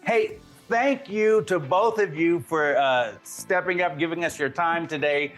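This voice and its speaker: A man's voice: a little high, unhurried, a bit bright, faint music behind. A man hosting a streaming roundup show, reading scripted intros and then chatting in an upbeat, storytelling way. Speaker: show host.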